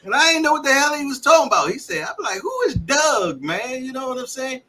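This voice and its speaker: A middle-aged man hosting a podcast, chatting casually and telling animated stories full of acted-out quotes and laughter. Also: very high-pitched, rapid-fire. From Washington, D.C. area. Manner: animated storyteller, acts out quoted voices, laughs often. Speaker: podcast host. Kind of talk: casual storytelling chat.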